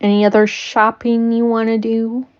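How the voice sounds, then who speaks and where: A woman's voice: on the high side, monotone, normal speed, smooth, highs cut off. A woman running a tabletop game on a stream who teases her players, laughs often and uses many fillers. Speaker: game master.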